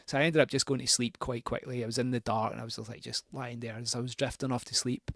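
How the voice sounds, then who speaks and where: A man's voice: mid-range voice, little pitch movement, fast, hardly any pauses, fairly bright tone, dry recording, clean studio sound. A man hosting a record show, telling a rambling, sweary, self-mocking anecdote between records. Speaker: radio host spinning records.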